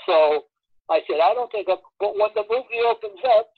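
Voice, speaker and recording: A man's voice: high voice, a little fast, breathy edge, dry recording. A man casually telling anecdotes about his years as a record promotion man, acting out the voices of people in his stories. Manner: animated storyteller acting out quoted voices. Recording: dull lo-fi dry recording.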